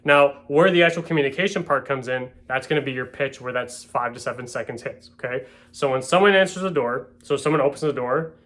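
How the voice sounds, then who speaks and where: A man's voice: mid-range voice, brisk, fairly bright tone. A man who sells real estate, at home, giving a casual spoken lesson on door-to-door sales. He keeps checking in with his listeners and acts out door-step scripts.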